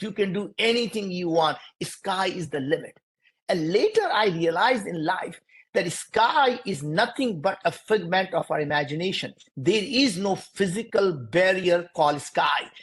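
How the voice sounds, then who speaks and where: An entrepreneur with a thick Indian accent holds forth on a video call. He speaks emphatically, repeating his points in a motivational cadence. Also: high-pitched. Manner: emphatic, repetitive, preachy cadence. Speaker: entrepreneur guest. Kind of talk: motivational interview answers.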